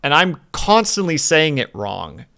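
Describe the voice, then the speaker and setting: A man's voice: on the high side, big pitch swings, a little slow, gravelly, sharp tone. A male streamer chatting casually while drawing, telling rambling stories and teasing his viewers. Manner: rambling anecdotal storytelling; playful teasing.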